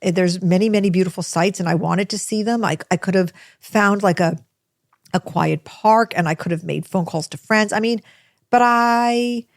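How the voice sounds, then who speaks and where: A middle-aged woman from the United States telling a personal story in a chatty, animated, self-deprecating way. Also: medium pitch, moderate pace, dry recording, clean studio sound.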